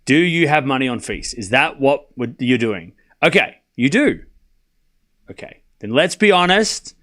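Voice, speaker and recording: A man's voice: mid-range voice, sing-song, unhurried, a bit bright. A man streaming a live tennis watchalong, mixing casual play-by-play with teasing replies to his chat. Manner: chatty, teasing, talks straight to his chat.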